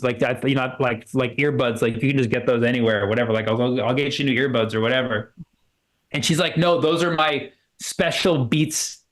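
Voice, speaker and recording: A man's voice: mid-range voice, a bit bright. A man doing stand-up comedy, telling a rambling story full of restarts and fillers, acting out both sides of the conversations. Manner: acts out both sides of conversations in quoted dialogue. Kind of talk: stand-up set on a livestream.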